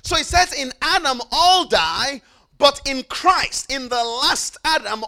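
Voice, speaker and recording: A man's voice: very high-pitched, lively intonation, bright, forceful tone. A man preaching a sermon, emphatic, repeating key phrases and calling on the congregation to repeat after him. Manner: emphatic, repeats phrases with call-and-response prompts; slows down for stressed phrases, rushes through asides.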